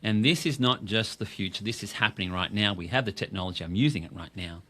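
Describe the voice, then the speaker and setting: A man's voice: fairly low pitch, quick pace, pushed and bright. A middle-aged Australian man co-hosting a podcast, talking casually and with enthusiasm, asking himself questions and answering them. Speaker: podcast co-host. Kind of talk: casual business talk.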